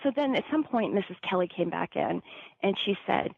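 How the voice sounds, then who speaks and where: A woman's voice: medium pitch, sing-song, brisk, vocal fry, slightly rough, no room sound. A woman telling her own story in a chatty way, full of fillers like "like" and "you know", on a dry, slightly dull recording. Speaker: guest.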